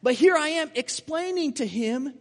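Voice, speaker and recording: A man's voice: very high voice, animated, moderate pace, in a large hall, voice pushed up. A man voicing a young islander man who has just come to faith, speaking eagerly and plainly. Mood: earnest. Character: earnest young islander man, new believer.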